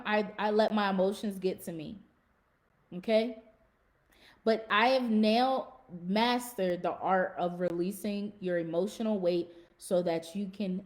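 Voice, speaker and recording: A woman's voice: mid-range voice, a little mellow. A woman hosting a fitness podcast, talking casually and emphatically to her listeners, repeating key phrases and using folksy slang. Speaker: podcast host and fitness coach. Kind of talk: casual motivational talk to a live audience.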